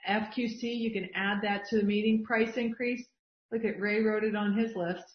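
A middle-aged business coach leads an online group coaching session, reading from shared lists with emphatic enthusiasm. Her voice is mid-range with fairly even intonation and a moderate pace. The video-call audio sounds dull and roomy.

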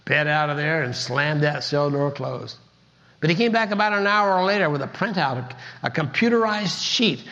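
Older male speaker, gravelly, earnest storyteller, dull lo-fi recording. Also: fairly high pitch, fairly bright tone. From Kansas. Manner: earnest storytelling with emphatic repetition. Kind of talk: motivational talk.

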